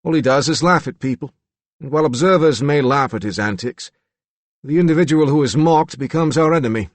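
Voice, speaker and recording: Man doing a prim haughty gentleman, formal, precise, disdainful, audiobook. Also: fairly high pitch, fairly quick, no echo, pitched above the performer's own voice, natural voice. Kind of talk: audiobook narration.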